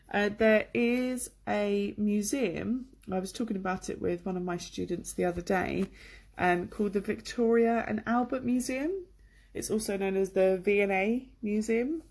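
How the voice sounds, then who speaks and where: English lady teaching online, chatty and excited, lots of ums, computer mic. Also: mid-range voice. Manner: chatty, enthusiastic, many fillers.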